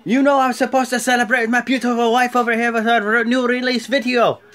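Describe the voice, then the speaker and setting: A man putting on the voice of an angry male wrestler who blusters in a loud, altered tone. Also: very high-pitched, level tone, fairly quick, voice pushed up. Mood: blustering.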